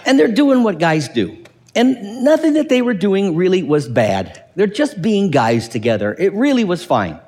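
A man's voice: high voice, normal speed, big-room sound. A man preaching a sermon in church, acting out quoted voices and asking his listeners questions. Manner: animated, acts out quoted voices, asks the audience questions. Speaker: pastor.

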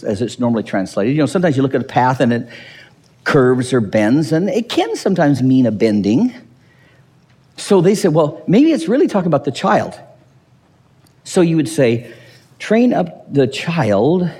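A man preaching a sermon, animated and sarcastic, quoting and mocking ideas he disagrees with. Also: fairly high pitch, breathy edge. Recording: long reverb of a hall.

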